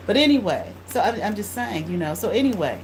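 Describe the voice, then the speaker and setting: A woman tarot reader telling a blunt, animated story in casual speech, swearing freely. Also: medium pitch, moderate pace, noisy background.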